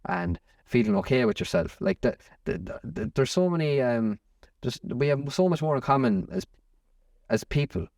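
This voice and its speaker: Young Irish man, gravelly and rambling. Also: medium pitch, expressive, moderate pace, a little mellow, no echo, clean studio sound, far from the mic. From Ireland. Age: young adult. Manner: rambling, many restarts and fillers. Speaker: musician guest. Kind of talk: casual interview chat.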